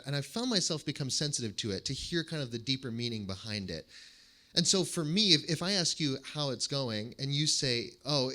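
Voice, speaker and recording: A man, a pastor, giving a sermon with animated storytelling and gentle humor. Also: mid-range voice. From United States.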